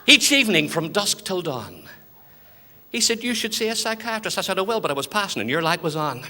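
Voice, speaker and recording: A man doing stand-up, reciting a comic poem with a lilting delivery and pauses before each punchline, in a hotel function room. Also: high-pitched, very animated, pushed and bright, a little hiss or hum. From Ireland. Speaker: stand-up comedian. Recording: reverberant hall.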